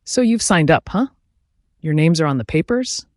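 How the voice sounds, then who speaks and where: A man's voice: a little high, animated, moderate pace, no room sound, studio quality, close to an everyday voice. A man voicing a shabby, scarred old sailor who rambles ominous warnings in a cryptic, mocking way.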